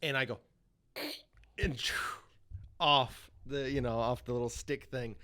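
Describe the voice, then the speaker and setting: Young man, podcast guest, animated, swearing, casual storytelling. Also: medium pitch, a little slow, smooth.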